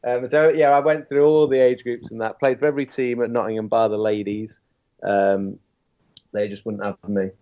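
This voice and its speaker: A man's voice: medium pitch, little pitch movement, moderate pace, phone-quality sound. A man in his thirties from England, a podcast guest talking casually in a jokey, self-deprecating way. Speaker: podcast guest, former rugby player. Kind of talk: casual interview chat.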